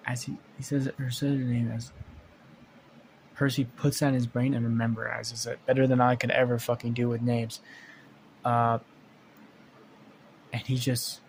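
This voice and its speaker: A man telling an improvised fan story in a mid-pitched voice. He rambles, restarts sentences and swears casually. A faint hiss of ambient noise sits under the recording. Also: little pitch movement, moderate pace, long pauses, rough recording.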